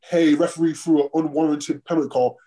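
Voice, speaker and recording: Guy on a podcast telling a football story, acts out the back and forth, voice sits a bit high. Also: a little fast. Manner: animated storyteller, acts out quoted exchanges. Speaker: podcast guest, former football player. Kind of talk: casual chat, storytelling.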